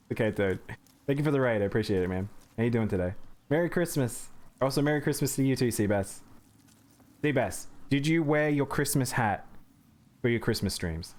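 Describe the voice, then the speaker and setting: A man's voice: mid-range voice, lively intonation, normal speed, pauses often, darkish tone. Male streamer, mid-range voice, talks through his game and greets chat. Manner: chatty, reacts to chat and thanks viewers. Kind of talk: live gameplay commentary.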